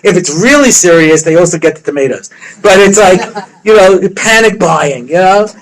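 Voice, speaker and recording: A rabbi with a notably high voice tells funny stories to his listeners. He is a middle-aged man who talks in a loose, chatty way, full of quips and side remarks. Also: lively intonation, normal speed, rough recording. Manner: joking, conversational, full of asides and quips. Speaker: rabbi giving a lecture. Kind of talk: humorous storytelling lecture.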